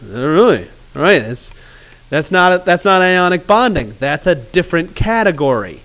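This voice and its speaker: A man teaching chemistry in a classroom, casual and joking, with awkward pauses. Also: on the high side, sing-song, a bit bright. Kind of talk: classroom lecture.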